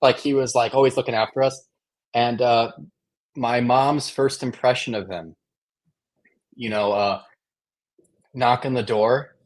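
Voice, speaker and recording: Rambling mid-pitched man telling stories. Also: steady tone, unhurried, pauses often. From Illinois. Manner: rambling storyteller, dry jokes, many fillers. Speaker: stream guest. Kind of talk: casual live-stream chat.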